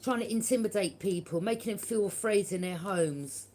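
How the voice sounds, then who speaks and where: Medium in pitch, moderately paced, and a touch mellow, this tarot reader gives a collective reading with no sugarcoating. She swears liberally and habitually checks in with "yeah?"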